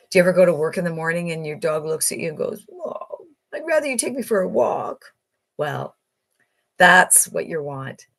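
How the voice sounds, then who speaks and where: Woman, lowish voice, upbeat motivational pitch, emphatic and repetitive. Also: fairly bright tone. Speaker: online marketing promoter.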